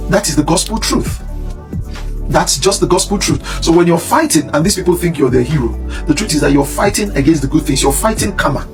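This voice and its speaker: Guy preaching his opinions at the camera, slightly high voice, keeps hammering the same point. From Nigeria. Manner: emphatic and preachy, repeats points. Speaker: commentary channel host.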